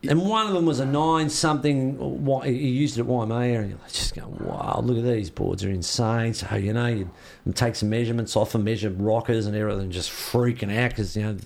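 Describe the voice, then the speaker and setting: A man's voice: mid-range voice, fairly quick, vocal fry, darkish tone, a little hiss or hum. A man with an Australian accent, a surfboard shaper, telling rambling stories in a casual interview and acting out the reactions he quotes.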